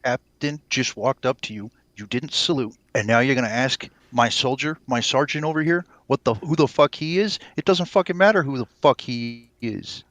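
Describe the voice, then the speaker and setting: Guy doing a cussing army captain yelling at a corporal, loud, dry close mic. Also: mid-range voice, lively intonation, moderate pace, no echo, natural voice. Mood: furious. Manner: yelling, swearing, barking orders. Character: angry male army captain, bossy and profane.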